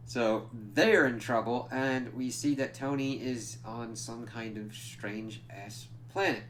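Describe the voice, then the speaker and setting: A man's voice: mid-range voice, steady tone, slow pace, few pauses, a bit bright, slight background noise. A man giving a casual, spoiler-filled comic book review, rambling along with lots of "like" and "kinda" fillers and casual swearing.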